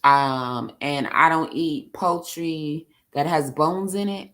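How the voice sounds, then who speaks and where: This New York-accented woman sits on a relaxed panel, laughing through blunt, foul-mouthed remarks. She speaks slowly in a somewhat low, slightly bright voice.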